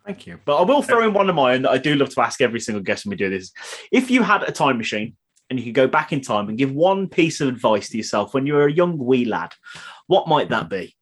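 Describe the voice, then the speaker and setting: A man's voice: mid-range voice, very animated, fast, slightly rough. A man hosting a podcast, reading listener questions aloud and agreeing readily with his guest. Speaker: podcast host. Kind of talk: casual podcast interview.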